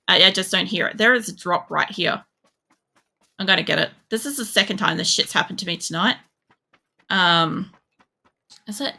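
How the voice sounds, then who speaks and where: A woman's voice: lowish voice, vocal fry, sharp tone. A young woman from Poland streaming a shooter game, chatting casually in a rambling way, swearing freely and using lots of fillers. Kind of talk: casual chat while gaming.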